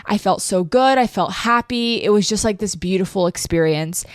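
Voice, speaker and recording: A woman's voice: mid-range voice, normal speed, dry recording. A young adult woman hosting a podcast, telling a personal story in a chatty way, full of fillers, with emotion close to the surface. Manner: emotional, tearful at times, many "like" fillers. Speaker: podcast host. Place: living room.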